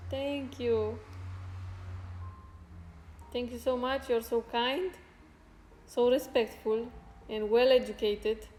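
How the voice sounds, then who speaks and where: A woman with a fairly high voice chats slowly with her viewers on a live stream, soft-spoken and halting and full of thanks. The room around her is roomy and echoey, with faint music behind her. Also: steady tone, slight background noise. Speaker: fitness streamer.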